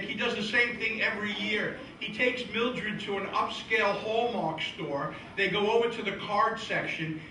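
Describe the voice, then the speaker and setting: A middle-aged man tells deadpan jokes in a high, sharply bright voice. He slips into his old relatives' voices as the punchlines come. He is picked up from a distance in an echoey room with a faint hiss. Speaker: comedian and magician. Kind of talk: stand-up comedy and magic routine. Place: live show venue.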